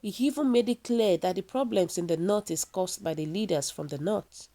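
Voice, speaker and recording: Nigerian woman reading news then ranting her take, earnest, lots of questions to viewers, mid pitch. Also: moderate pace, warm tone. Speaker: news commentator.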